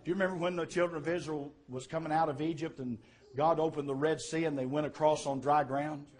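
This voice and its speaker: A male preacher delivers a sermon in a fairly high voice. He builds to emphatic, louder peaks, then drops back to soft, conversational asides. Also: steady tone, fast talker. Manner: preaching with rising, emphatic swells and quieter asides.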